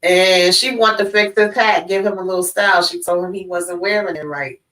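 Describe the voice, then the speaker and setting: Congested woman host, animated casual recap, mic slightly distant. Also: lowish voice, normal speed. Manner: animated, laughing, plays quotes. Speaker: host of a movie recap show. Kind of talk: casual movie recap chat.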